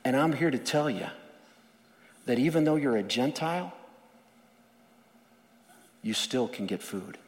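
A man's voice: mid-range voice, animated, a little slow, long pauses, big-room sound. A man voicing Jesus as a kind teacher who speaks reassuringly and conversationally.

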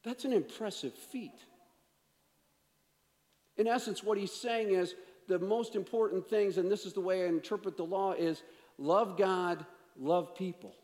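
A man preaching in a church sanctuary, his slightly high voice carried by a long hall reverb. He talks his sermon through in a conversational way, with chatty asides. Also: moderate pace, mellow. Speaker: pastor.

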